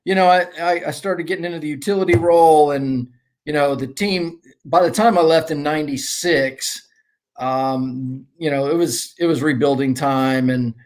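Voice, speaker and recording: A middle-aged man, a former ballplayer and guest, telling rambling, animated anecdotes in casual conversation. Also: a little high, normal speed. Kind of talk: casual storytelling.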